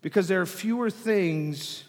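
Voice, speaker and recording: Preaching at a measured pace in a high voice, a pastor delivers a dramatic sermon that shifts between whispered hush and loud swells. Words repeat as he restarts his phrases, and a long reverb from the hall lingers on the recording.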